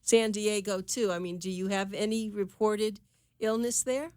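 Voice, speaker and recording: A woman's voice: medium pitch, steady tone, darkish tone, no echo. An older woman hosting a radio talk show from a studio, chatty and easygoing. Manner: chatty, easygoing, quick to laugh. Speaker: radio host. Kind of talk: casual radio chat.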